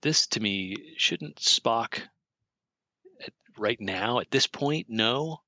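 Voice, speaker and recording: A man co-hosting a podcast, chatting casually about a film he is watching, enthusiastic and quick to float theories. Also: mid-range voice, animated, bright, forceful tone, no room sound. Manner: enthusiastic, theorizing, laughs often. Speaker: podcast co-host. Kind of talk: casual film commentary chat.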